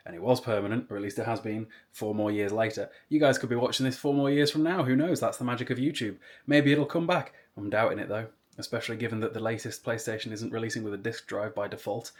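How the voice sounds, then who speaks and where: A man's voice: on the low side, fairly even intonation, quick pace, few pauses. A man in his twenties chatting casually to camera, telling rambling anecdotes with side remarks. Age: 20s. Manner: rambling, anecdotal storytelling with asides. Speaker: YouTuber. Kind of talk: casual vlog chat.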